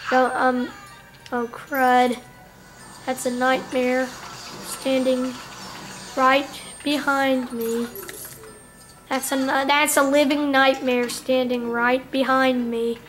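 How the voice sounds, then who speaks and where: A woman's voice: high voice, level tone, slow pace, long pauses, fairly bright tone, soft background music. A woman giving casual, playful let's play commentary on a video game, chatting and muttering to herself.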